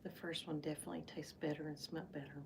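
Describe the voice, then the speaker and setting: Woman tasting along, short questions, lowish voice, noisy background. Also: little pitch movement, fast, gravelly. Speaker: co-taster. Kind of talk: casual chat.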